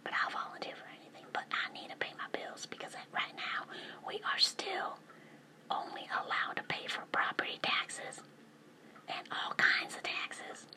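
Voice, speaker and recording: A woman speaks in a mostly whispered voice with a sharp tone at a moderate pace. She rambles, jumping from one topic to the next and asking rhetorical questions.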